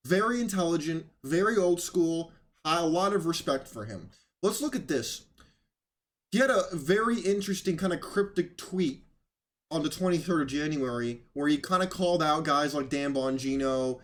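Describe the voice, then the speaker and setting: A man hosting casual political commentary, sarcastic and rambling, who mocks others by putting on voices. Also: fairly high pitch. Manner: rambling, with restarts.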